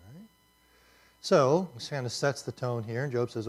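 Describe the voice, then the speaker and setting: A man's voice: medium pitch, lively intonation, normal speed, pauses often. A man teaching a class, talking in a conversational and emphatic way, often repeating himself. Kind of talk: classroom lecture.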